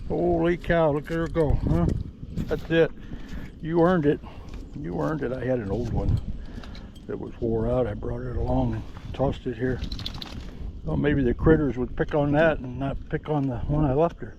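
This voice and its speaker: Male dog handler, gravelly and at an average pitch, folksy and chatty, with high baby-talk praise for his dog. Outdoor recording with noise. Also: normal speed, dull audio. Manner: folksy rural grammar. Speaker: dog handler tracking wounded deer. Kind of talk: casual outdoor vlog narration. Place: outdoors in the woods.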